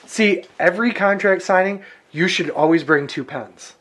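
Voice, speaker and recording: A man's voice: sits high, normal speed, fairly bright tone. A man co-hosting a wrestling podcast in casual chat, swearing freely and laughing often. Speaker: podcast co-host.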